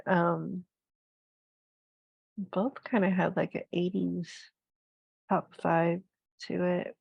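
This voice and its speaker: A woman reviewing tech in a casual, thinking-aloud way, drowsy and unhurried, hesitant with many fillers. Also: lowish voice, vocal fry, husky, no room sound, poor audio.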